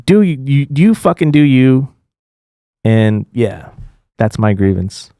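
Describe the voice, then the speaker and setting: A man's voice: mid-range voice, very animated, slow, mellow, no echo, studio quality. A man co-hosting a podcast, airing a grievance in a heated, profane rant. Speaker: podcast co-host. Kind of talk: casual chat.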